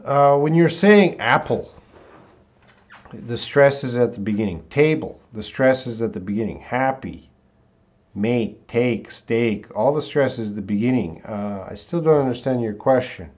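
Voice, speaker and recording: Male English teacher on a live stream, desktop mic, mid-pitched, relaxed and halting delivery. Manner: casual, hesitant, reads viewer comments aloud. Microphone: desktop USB mic.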